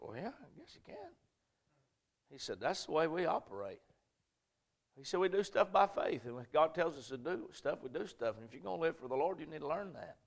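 A man in his thirties with a Southern American accent, preaching a sermon in a church and telling folksy, rambling stories, dropping to a quiet voice and then rising loud. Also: on the high side, vocal fry. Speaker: pastor. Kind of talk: sermon storytelling.

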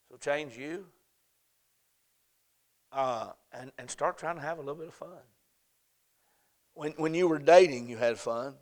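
A middle-aged man preaching a sermon, folksy and joking, swinging from quiet asides to loud emphatic bursts. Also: a little high. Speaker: pastor.

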